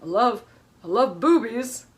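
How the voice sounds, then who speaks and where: A woman's voice: a little high, expressive, a little slow. A woman putting on a drunk man who keeps insisting he isn't gay, in a mocking, over-insistent way. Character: drunk man protesting he's not gay.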